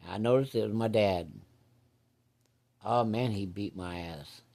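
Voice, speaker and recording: A man's voice: fairly low pitch, a little slow, warm tone. A man telling a rambling, plainspoken story from his childhood in casual, salty farm slang.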